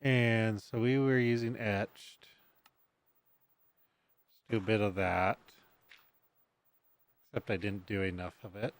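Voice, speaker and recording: A man's voice: lowish voice, steady tone, takes it slowly, long pauses. A man streaming a building game, talking to himself in a casual, rambling way and humming under his breath. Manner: mutters and hums to himself while building. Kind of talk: casual gameplay commentary.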